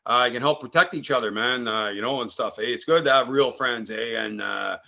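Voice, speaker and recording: A man's voice: mid-range voice, a little fast, vocal fry, pushed and bright. Rambling French Canadian man telling stories. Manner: rambling, frequent "eh" and "man" fillers. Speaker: podcast host. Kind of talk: casual storytelling.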